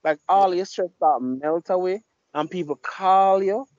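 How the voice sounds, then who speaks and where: A man's voice: high-pitched, measured pace, darkish tone, dry recording. A man tells blunt, profane stories as he hosts a casual podcast. His speech sounds dry and close, with no room around it. The mic is dull and lo-fi. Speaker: podcast host.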